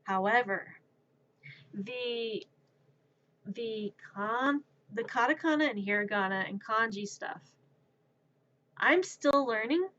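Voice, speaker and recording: A woman's voice: a little high, takes it slowly, pauses often, a bit bright, a little hiss or hum. A woman streamer rambling playfully in casual livestream chat. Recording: dull lo-fi stream audio.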